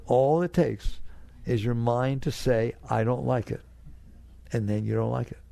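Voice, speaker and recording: Gravelly man giving an earnest spiritual talk. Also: mid-range voice, a little slow, warm tone. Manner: earnest, pleading, repeats phrases for emphasis; acts out anxious inner voices. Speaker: spiritual teacher.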